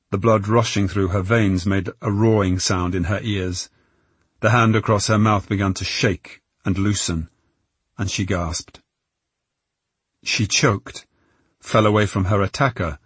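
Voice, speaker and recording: A man narrating an audiobook in a measured, tense storytelling manner. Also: low voice, a bit bright, husky, no echo. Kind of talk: scripted narration.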